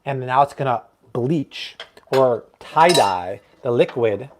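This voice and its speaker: A man's voice: medium pitch, expressive, takes it slowly, noisy background. A man hosting a live cooking show from his kitchen, chatty and playful as he talks through each step and jokes with viewers. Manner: chatty and playful, joking with the chat. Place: home kitchen.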